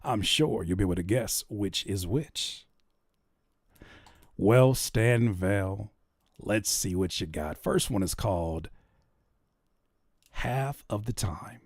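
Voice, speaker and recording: A man hosting a live music feedback stream, joking, cursing and animated as he reacts to songs. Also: on the low side, slow, pauses often, no echo, clean studio sound.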